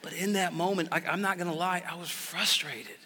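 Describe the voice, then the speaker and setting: A pastor telling a family story in a sermon, animated and jokey, moving between hushed asides and loud bursts. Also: male voice, high voice, brisk, husky. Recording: long reverb of a large hall.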